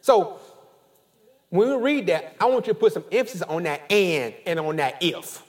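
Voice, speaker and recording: A man preaching a sermon as pastor, animated, with call-and-response and casual storytelling asides. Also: sits high, moderate pace.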